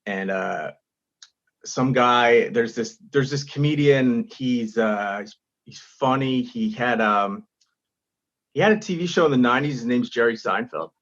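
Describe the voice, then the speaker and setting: A man's voice: mid-range voice, unhurried, lo-fi sound. A man, a stand-up comedian, chatting casually on a podcast and telling stories with acted-out quotes. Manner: animated storytelling, acts out quotes.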